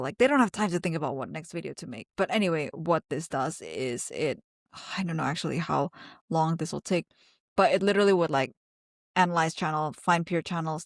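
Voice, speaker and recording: A woman's voice: low-pitched, dry recording, clean studio sound. A woman co-hosting a podcast in casual chat, talking with plenty of fillers and laughing often. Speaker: podcast co-host.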